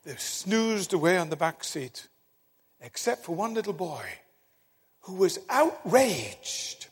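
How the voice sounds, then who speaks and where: A man preaching a sermon, telling stories with dramatic emphasis and long pauses. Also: high voice, very animated, breathy edge. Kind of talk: sermon with storytelling. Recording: long hall reverb.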